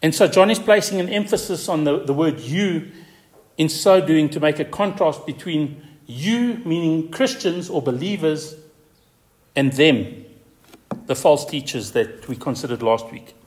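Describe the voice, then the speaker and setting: A male pastor delivering a sermon with emphatic force. His voice sits a little high and rises sharply when he drives a word home. He repeats key words to stress them. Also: animated, normal speed, darkish tone.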